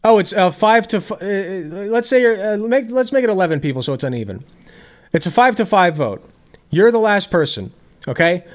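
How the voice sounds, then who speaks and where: Brief: male reaction host, argumentative and sarcastic, high and very lively pitch. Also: fairly quick. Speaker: commentary host. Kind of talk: political reaction commentary.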